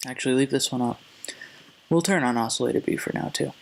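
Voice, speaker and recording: A man giving a casual music production tutorial, relaxed and hesitant, often correcting himself as he goes. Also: mid-range voice, fast, gravelly, low-quality recording. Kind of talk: casual screen-recorded tutorial. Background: faint synth sounds.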